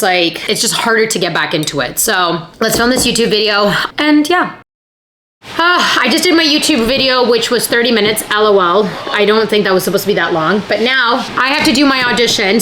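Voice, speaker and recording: A young woman chatting casually to camera in a vlog, tired, animated and self-deprecating. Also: medium pitch. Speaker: vlogger.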